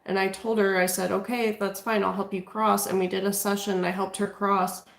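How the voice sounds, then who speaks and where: A woman's voice: mid-range voice, little pitch movement, a little fast, gravelly. Woman, ghost-hunting session, casual chatty talk, restarts mid-sentence, questions spirits, echoey room in a house. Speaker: paranormal investigator.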